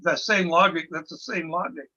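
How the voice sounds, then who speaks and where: A man with a bright, fairly high voice argues a point on a video call and asks probing questions. The audio sounds dull and lo-fi. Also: fairly even intonation, moderate pace. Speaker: video hangout participant. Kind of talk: casual group chat.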